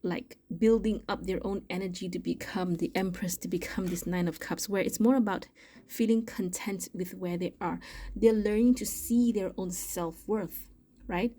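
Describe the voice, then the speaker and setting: A woman talks through a tarot card reading in a casual, chatty way. Her voice is mellow and warm, sitting at an ordinary middle pitch. She thinks aloud, often restarting her sentences. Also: fairly even intonation, normal speed. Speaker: tarot reader.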